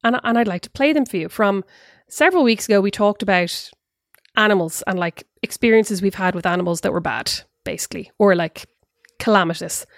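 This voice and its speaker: A woman's voice: medium pitch, brisk, gravelly, no echo, studio quality. A woman co-hosting a podcast with her sister, talking in a chatty, teasing way and laughing easily. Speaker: podcast co-host. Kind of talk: casual chat.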